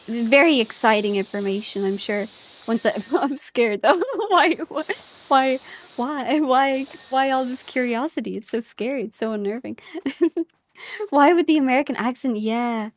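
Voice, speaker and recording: Giggly high-voiced young woman streamer. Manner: giggly, rambling, playfully self-correcting. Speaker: game streamer. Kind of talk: casual gameplay chat with viewers.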